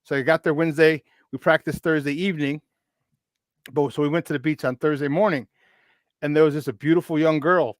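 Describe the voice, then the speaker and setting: A man's voice: a little high, a little fast, no room sound. Chatty man in his fifties, dry sound. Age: 50s. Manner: chatty, animated, with many restarts. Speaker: podcast guest. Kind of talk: casual storytelling.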